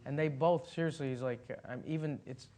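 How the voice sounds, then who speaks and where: A man's voice: fairly high pitch, fairly quick, warm tone. A man, an actor guest at a Q&A, telling a casual anecdote in a rambling way, with many fillers and restarts and laughter running through his talk. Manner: laughs as he talks.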